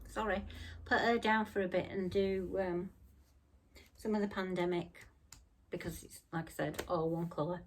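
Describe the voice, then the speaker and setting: Chatty woman rambling on. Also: fairly low pitch. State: tired, yawning. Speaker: crafting vlogger. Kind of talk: casual chatty vlog.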